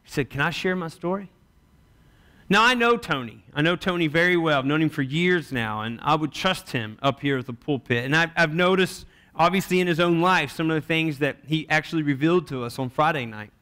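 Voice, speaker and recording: A young man preaches from the pulpit in a high, bright voice. He tells his stories in an animated way, slipping into the voices of the people he quotes. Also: brisk, smooth. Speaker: pastor. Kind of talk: sermon.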